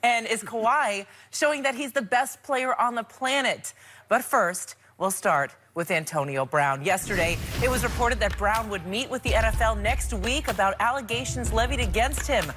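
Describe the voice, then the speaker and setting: A woman in her thirties hosting a TV sports show, reading the setup in a crisp, measured way. Music plays clearly underneath her voice in the studio. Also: fairly high pitch. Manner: crisp, reads the news setup. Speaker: show host.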